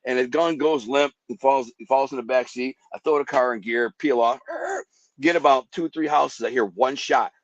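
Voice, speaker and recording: A man telling dramatic life stories in an animated way, acting out gunshots with sound effects. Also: medium pitch, normal speed, no echo, muffled recording. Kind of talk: animated storytelling.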